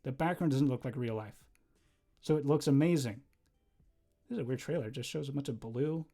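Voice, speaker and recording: A man's voice: mid-range voice, fairly quick. Rambling young man on a livestream. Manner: rambling, easily distracted, laughs often; bursts of loud excited exclamations. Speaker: livestreaming animator. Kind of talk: casual livestream chat while drawing.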